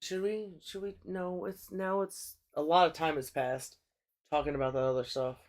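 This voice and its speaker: A woman's voice: low voice, level tone, normal speed, a little mellow. A woman hosting a livestream, casually reading scripture and giving blunt, profane commentary as she thinks aloud. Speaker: livestream host.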